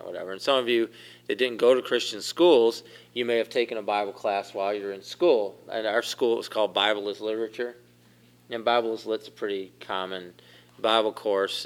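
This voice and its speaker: A man's voice: lowish voice, fairly quick, clean tone. A man preaching a conversational sermon, asking the congregation questions as he goes. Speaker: pastor.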